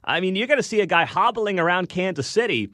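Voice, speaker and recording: Brash, sarcastic talk radio host. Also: male voice, high-pitched, lively intonation, fast, a bit bright, no room sound, studio quality. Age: young adult. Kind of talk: morning talk radio commentary. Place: radio studio. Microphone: studio microphone.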